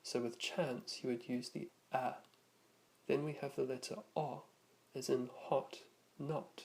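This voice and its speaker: A man teaching a lesson, narrating from a script and slowly demonstrating vowel sounds. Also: mid-range voice, fairly even intonation, vocal fry.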